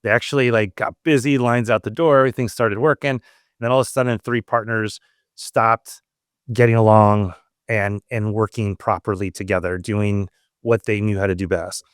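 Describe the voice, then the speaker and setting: A man from Southern California hosting a podcast, telling a story in a casual, animated way and acting out quoted lines. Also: fairly low pitch, normal speed, no echo, studio quality. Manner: animated, acts out quoted dialogue. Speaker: podcast host.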